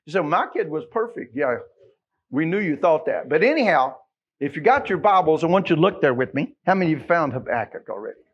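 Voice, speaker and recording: A man's voice: a little high, sing-song, fast, husky, lo-fi sound. A man with a Texan accent preaching a sermon as pastor, folksy and joking with his congregation.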